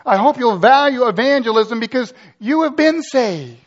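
A male pastor preaches in a high, ringing voice, expressive and at a moderate pace, building drama with rhetorical questions and urgent, vivid scenarios as he rises and drops for effect. The recording is dull and lo-fi.

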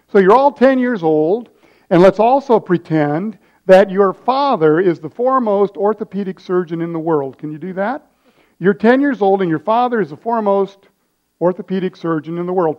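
A man delivers a sermon as a story, and his voice sits well above the usual range for a man. He keeps switching between loud, high bursts and soft, quiet asides as he acts out the scene. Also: muffled recording. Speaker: pastor.

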